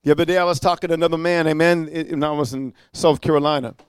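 A man with a high-pitched voice preaches a fiery evangelistic sermon, driving each point home with "amen" and "huh?". He swings between hushed asides and loud declarations, recorded close and dry with no room sound. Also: steady tone, fast talker, smooth, no room sound. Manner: emphatic, peppered with "amen" and "huh?".

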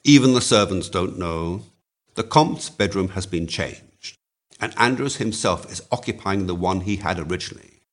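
A man doing a calm, shrewd gentleman hero. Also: sits low, normal speed. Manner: quiet, dry, level.

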